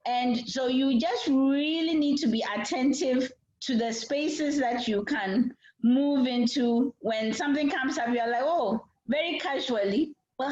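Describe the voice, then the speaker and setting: A woman facilitating a casual panel chat, frank and lively, acting out quotes as she tells stories. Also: a little high. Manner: frank, lively storyteller who acts out quotes. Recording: roomy, dull lo-fi sound.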